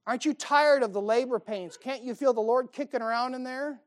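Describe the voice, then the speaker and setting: Pastor, male, folksy sermon delivery: rhetorical questions, playful asides, swings from hushed to loud. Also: extremely high pitch, brisk, few pauses. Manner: folksy, animated preaching with rhetorical questions and humor.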